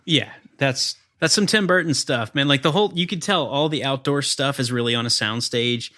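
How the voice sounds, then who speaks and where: Married podcast dude, mid-pitch, bright tone, deadpan jokes about the movie. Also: male voice, moderate pace. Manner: dry joking, mocking retellings. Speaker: podcast co-host. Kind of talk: casual movie chat.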